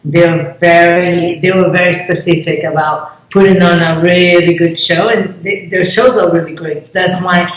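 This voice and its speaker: A woman's voice: fairly low pitch, steady tone, measured pace, few pauses. A woman from Brazil, talking as an interview guest in an effusive, chatty way and acting out what people said. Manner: effusive, acts out quoted dialogue. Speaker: contest promoter, interview guest. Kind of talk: casual interview chat. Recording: very echoey room.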